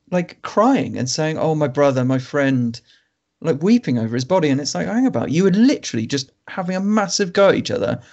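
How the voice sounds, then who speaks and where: A man's voice: a little high, a little mellow. A man co-hosting a film podcast, chatting casually and wryly about a bad movie. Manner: wry, rambling, laughs at bad films. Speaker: podcast co-host. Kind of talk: casual film review chat. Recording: dull lo-fi sound.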